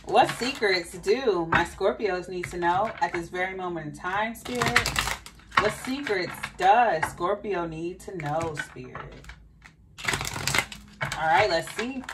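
A woman's voice: on the low side, slow pace, distant mic, very noisy. A woman with a slight Southern American accent, giving a chatty, think-aloud tarot reading to her viewers. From Southern United States. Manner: chatty, thinking aloud, repeats questions to spirit. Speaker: tarot reader. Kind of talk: casual tarot reading monologue.

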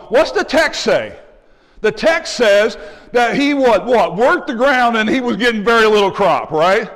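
A man's voice: high-pitched, big-room sound. A man, the pastor, preaching a sermon in a church and calling out to the congregation as he teaches. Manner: animated preaching with call-outs to the congregation. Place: church sanctuary.

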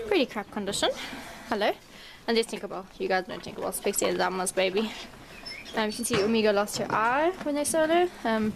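A woman vlogging as she walks through her stables, chatting to viewers and calling out to the horses. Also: background noise. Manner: chatty, calls out to horses in a high sing-song. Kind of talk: casual walk-and-talk vlog.

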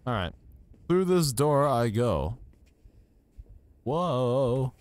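Excitable young man commenting on gameplay. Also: medium pitch, very slow, dry recording. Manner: excitable, self-mocking reactions while playing. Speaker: gaming YouTuber. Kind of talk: casual let's-play commentary. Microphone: new desk microphone.

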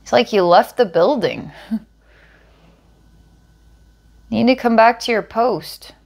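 A woman giving a psychic energy healing reading, describing impressions slowly and searchingly. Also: a little high, creaky, darkish tone. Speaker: psychic healer.

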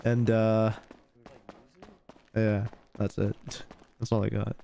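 A man's voice: on the low side, monotone, slow pace, creaky, warm tone, slight background noise. A man streaming a game, chatting casually with viewers in rambling, slangy, cursing talk.

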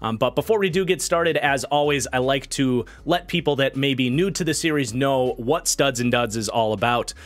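Male channel host, nasal with a cold, middle pitch, chatty football commentary with fillers. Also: normal speed, hardly any pauses. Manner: chatty, thinking aloud with fillers and restarts. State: recovering from a cold. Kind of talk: casual commentary to camera.

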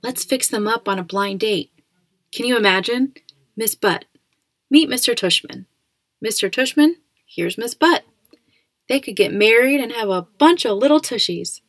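A woman reading aloud, voicing a playful father who teases and jokes excitedly. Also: medium pitch, moderate pace, gravelly, dry recording. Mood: teasing. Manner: excitable, teasing.

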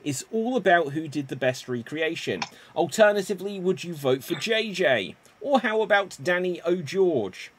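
A man hosting an online improv show, briskly introducing the games and calling for votes. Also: high voice, expressive, a bit bright, husky, no echo. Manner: brisk, upbeat, running the games.

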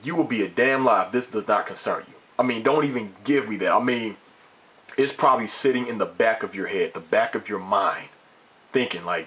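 A man with a lowish voice talks straight to his viewers in a loose, ranting vlog. He presses his points hard, circles back to them, and restarts his sentences often. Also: fairly quick, a bit bright. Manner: emphatic and repetitive, with frequent restarts and mild swearing. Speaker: gaming vlogger. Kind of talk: casual opinion rant to camera.

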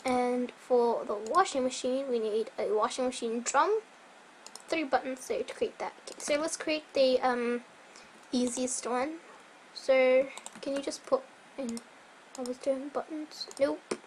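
Slow, rambling young woman gaming. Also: sits high, fairly even intonation, slight background noise, rough recording. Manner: rambling, self-correcting, chatty. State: voice a bit strained. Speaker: Minecraft let's player. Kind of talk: casual gameplay commentary.

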